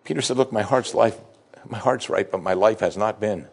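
A man's voice: normal speed, vocal fry, breathy edge. A middle-aged man preaching a sermon, acting out scripture dialogue with big swings in his voice. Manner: expressive preaching, acting out scripture dialogue with sweeping pitch shifts. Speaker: pastor.

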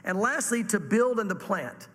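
A man preaching a sermon to a congregation, animated and acting out the voices he quotes. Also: high voice, normal speed, long reverb tail. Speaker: pastor.

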